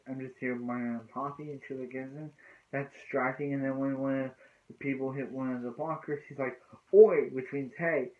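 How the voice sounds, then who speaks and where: A man casually recapping a TV episode in a rambling way, restarting often and filling gaps with "so yeah" and "so anyway.". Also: mid-range voice. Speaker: TV episode reviewer. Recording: tinny phone-like lo-fi sound.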